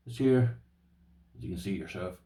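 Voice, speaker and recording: A man's voice: deep voice, normal speed, dark tone, echoey room, recorded from a distance, a little hiss or hum. An Irish man with a rambling, chatty manner, showing his lock collection to viewers and calling them "boys". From Ireland. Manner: rambling, talks to viewers as "boys", uses "this here". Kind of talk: casual show-and-tell to camera.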